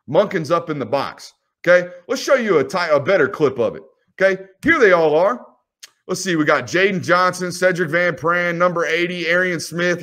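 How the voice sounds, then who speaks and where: A man's voice: a little high, a bit bright. A young man, hosting a casual football film breakdown, teasing players with rhetorical questions. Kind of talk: casual video commentary.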